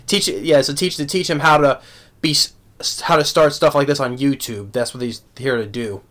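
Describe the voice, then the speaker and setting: A man giving a casual spoken anime review, halting with many restarts and repeated words, laughing often. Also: mid-range voice, fairly even intonation, a bit bright. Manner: laughs often while talking.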